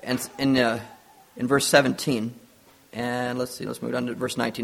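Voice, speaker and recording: A man's voice: mid-range voice, little pitch movement, moderate pace, vocal fry, fairly bright tone. A man preaching a sermon, retelling a Bible story with earnest storytelling and acted-out dialogue.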